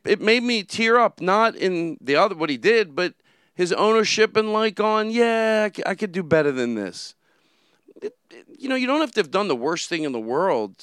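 A man's voice: on the high side, fairly bright tone, smooth, no echo, clean studio sound. A man hosting a solo show, talking through his thoughts in a rambling, casual monologue full of restarts. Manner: rambling, with many restarts and fillers.

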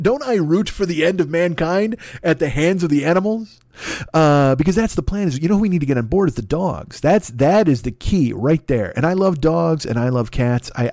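Dude riffing a sweary comedy rant, rapid fire, dead dry mic sound. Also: male voice, medium pitch, a little mellow, no echo. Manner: profane, riffing, jumps into silly voices. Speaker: podcast host. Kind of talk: rambling comic monologue.

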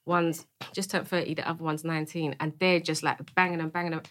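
A woman, a guest artist chatting casually and telling animated, rambling stories. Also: deep voice, fast talker. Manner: animated storytelling, rambling restarts. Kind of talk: casual chat.

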